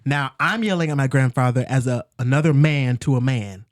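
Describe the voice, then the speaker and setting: A man sits close to a dry-sounding mic as a podcast guest and tells a painful family story. He speaks earnestly and haltingly, circling back over his words as emotion rises, close to tears. His pitch sits in an ordinary middle range. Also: no room sound. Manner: earnest, halting, repeats himself as he works through feelings.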